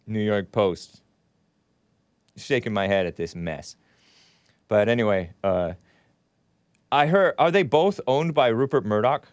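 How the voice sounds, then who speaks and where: A man's voice: medium pitch, no room sound, clean studio sound. A man hosting a solo commentary show, rambling and opinionated as he reads out articles and viewer comments. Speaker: host.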